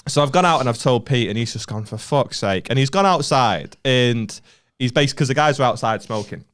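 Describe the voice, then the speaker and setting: A man's voice: medium pitch, fast talker, fairly bright tone, smooth. A young man with a Northern English accent telling a comic story on a podcast, sweary and often breaking into laughter. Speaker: podcast co-host, comedian. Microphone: podcast mic.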